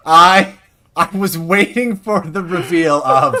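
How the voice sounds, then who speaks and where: A man's voice: on the high side, slow pace, heavy background noise. A man hosting a casual podcast chat, asking curious follow-up questions.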